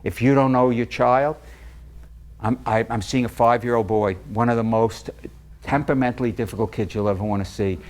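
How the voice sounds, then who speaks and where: A man's voice: mid-range voice, steady tone, a little fast, darkish tone. A man giving a public talk to a live audience in a room, telling stories with joking asides and acting out the quoted dialogue.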